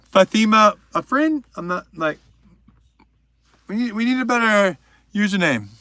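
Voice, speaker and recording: A man's voice: high voice, lively intonation, a little slow, pushed and bright, no echo, studio quality. A young man hosting a livestream, chatting casually and joking while reading out viewers' names. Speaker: livestream host.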